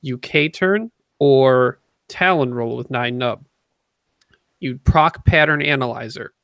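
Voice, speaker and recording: A man's voice: medium pitch, slow pace, creaky, fairly bright tone, no echo. A man co-hosting a casual livestream, reading viewer questions and explaining game rules in detail.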